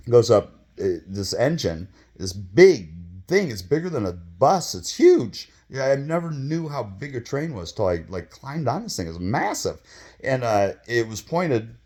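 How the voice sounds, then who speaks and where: A man in his fifties telling a casual story, rambling and profane, with many fillers and sudden bursts of excitement. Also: on the low side. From Michigan, US. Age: 50s. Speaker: vlogger telling his own stories.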